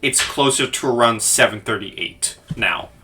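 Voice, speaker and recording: A man's voice: medium pitch, normal speed, bright, forceful tone. A man narrating as game master of a tabletop game, stumbling over restarts. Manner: stammering restarts.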